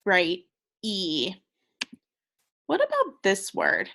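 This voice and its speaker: A woman's voice: medium pitch, animated, unhurried, vocal fry, fairly bright tone. A young woman teaching second graders a recorded phonics lesson, patient and encouraging, sounding out words with care.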